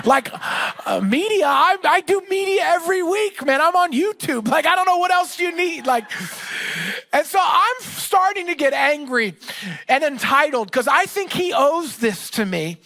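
A male pastor telling a humorous story to his congregation during a sermon, animated and self-mocking. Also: extremely high pitch. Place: church with live audience.

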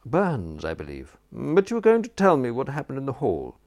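A man's voice: mid-range voice, wildly swooping pitch, normal speed, a little mellow, voice pushed up. A man reading an audiobook, voicing a suave elderly lord who speaks politely with dry amusement. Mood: amused. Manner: polite, dryly amused, coaxing. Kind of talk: audiobook character voice.

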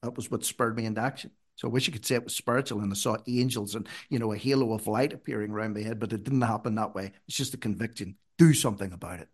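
A middle-aged man, a podcast guest telling stories in an earnest, emphatic way that climbs high when he urges. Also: fast talker, hardly any pauses, slightly rough. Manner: earnest, emphatic, rises sharply when urging. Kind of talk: conversational storytelling.

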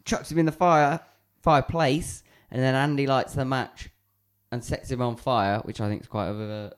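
A man co-hosting a podcast, chatting about a film with dry, quick wisecracks. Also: mid-range voice, steady tone, clean tone. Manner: laughs easily, dry wisecracks. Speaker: podcast co-host. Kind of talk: casual chat about a film.

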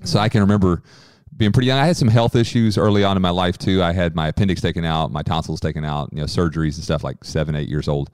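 Deep, smooth-voiced man co-host. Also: no echo, studio quality. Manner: calm, measured, quotes scripture. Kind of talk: faith podcast conversation.

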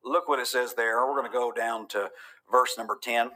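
A man's voice: mid-range voice, steady tone, fast talker, sharp tone. A man from Georgia preaching a sermon, folksy and joking one moment, fervent and thundering the next. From Georgia, USA. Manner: fervent, folksy, cracks jokes then thunders.

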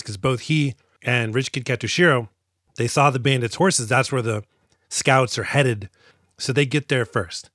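Animated man recapping a film, dry sound. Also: mid-range voice, moderate pace, no room sound. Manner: animated, swearing, acts out characters in quotes. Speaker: podcast co-host. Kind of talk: casual movie-review chat.

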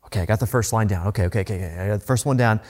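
A man doing a nervous young son, muttering low. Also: racing, darkish tone, lightly acted. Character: anxious young man rehearsing an apology.

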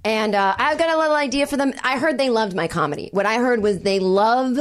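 A woman's voice: fairly high pitch, brisk. A woman in her forties, a comedian guest telling a story in casual chat, acting out both sides of the conversation with wry humor. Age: 40s. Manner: animated storyteller, acts out quoted exchanges, wry and self-deprecating.

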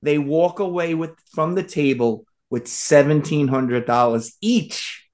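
A man with a slightly raised pitch tells a story in a relaxed chat. He is animated, acts out what people said and laughs often. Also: unhurried. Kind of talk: casual storytelling.

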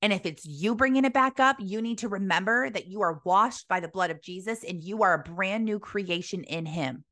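A woman's voice: mid-range voice, normal speed, few pauses, a bit bright. Earnest woman preaching with urgency. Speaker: Christian speaker. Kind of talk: motivational Christian sermon.

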